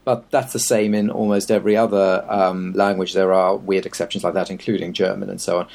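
A man's voice: deep voice, little pitch movement, fairly quick, creaky, a little mellow. A man in casual conversation, giving wry, opinionated and meandering explanations. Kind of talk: casual chat.

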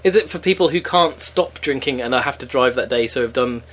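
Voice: mid-range voice, a little fast, fairly bright tone. A podcast co-host, chatting casually and playfully with dry jokes and frequent laughs. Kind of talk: casual chat tasting beer.

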